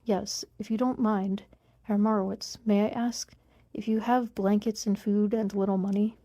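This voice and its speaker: Woman reading a kind old police inspector, polite and gentle, gravelly dark voice. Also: mid-range voice, steady tone, moderate pace, no room sound, lightly acted. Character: older male police inspector, kind and courteous.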